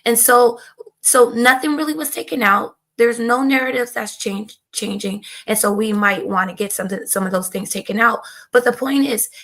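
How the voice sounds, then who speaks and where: A woman guest with a hoarse voice that is going out, explaining her point in casual discussion with many hesitations. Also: fairly high pitch, fairly bright tone.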